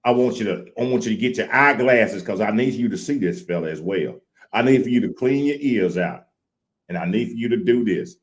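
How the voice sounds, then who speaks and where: A man's voice: lowish voice, animated, a little fast, rough recording. A man from Louisiana with a Southern accent, hosting a livestream show in a folksy, casual way while wearing a headset mic. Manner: folksy, hypes the intro with loud sing-song shouts. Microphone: headphones with mic.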